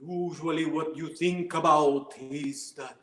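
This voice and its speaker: A man putting on a slow, drawn-out Transylvanian accent. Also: on the high side, fairly even intonation, a bit bright. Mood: musing. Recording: roomy echo.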